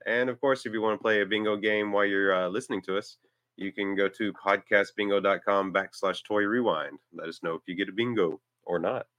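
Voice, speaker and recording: A man with a lowish, bright voice briskly reads out the show plugs in a casual podcast. The sound is close and dry. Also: steady tone, no room sound, highs cut off. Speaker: podcast co-host.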